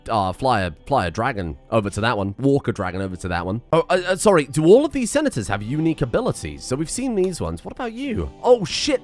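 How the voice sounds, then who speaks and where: A man hosting a let's play, rambling and self-mocking with plenty of swearing. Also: medium pitch. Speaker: gaming channel host.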